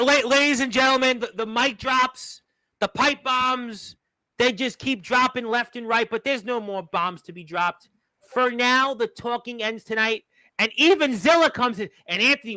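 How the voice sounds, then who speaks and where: A man's voice: very high voice, bright, forceful tone, no room sound. A man hosting a talk radio show, rambling along with lots of "um" fillers.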